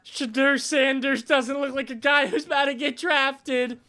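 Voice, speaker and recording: A young man streams his live reaction with a raised, high voice, worked up and profane. He keeps repeating short outbursts to his viewers. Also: measured pace. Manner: excitable, repetitive, profane outbursts. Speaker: fantasy football streamer.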